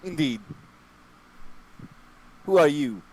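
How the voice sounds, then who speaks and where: A man's voice: on the high side, animated, full character voice, low-quality recording. A man playing a pompous, boastful captain. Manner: slow, pompous proclamations. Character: boastful, grandiose male ship captain. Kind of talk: voicing a character in a tabletop game.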